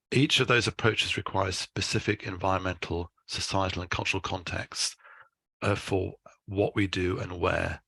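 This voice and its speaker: A scientist delivering a conference lecture in a measured, explanatory way, with the occasional dry aside. His voice sits a little low and has a husky edge. It carries a forceful, bright tone. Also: dry recording. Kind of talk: conference talk.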